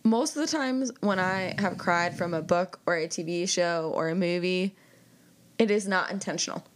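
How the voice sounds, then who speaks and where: A woman's voice: lowish voice, moderate pace, slight background noise. A woman co-hosting a book podcast in casual chat, wry and dry with emphatic bursts. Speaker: podcast co-host.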